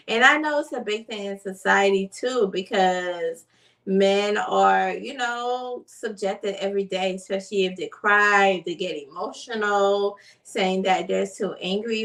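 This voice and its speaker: Mom vlogger woman talking slow and earnest, kinda far from the mic. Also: medium pitch, fairly bright tone. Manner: unhurried, earnest, many fillers like "like" and "you know". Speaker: mother vlogger. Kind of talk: casual talk to camera.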